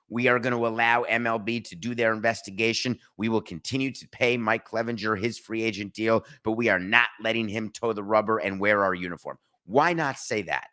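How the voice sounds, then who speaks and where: A man's voice: on the low side, pushed and bright. A middle-aged man hosting a solo sports podcast, speaking indignantly, firing rhetorical questions and mockingly reading out statements. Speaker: podcast host. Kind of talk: opinionated solo sports commentary.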